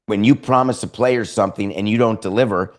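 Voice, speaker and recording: A man hosting a sports talk podcast, delivering sarcastic, opinionated commentary in an animated way. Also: fairly low pitch, a little fast. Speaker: podcast host.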